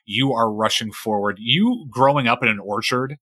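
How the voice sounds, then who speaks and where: A man narrating a tabletop game as game master, describing the action in a lively way. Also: mid-range voice, normal speed, slightly rough, dry recording.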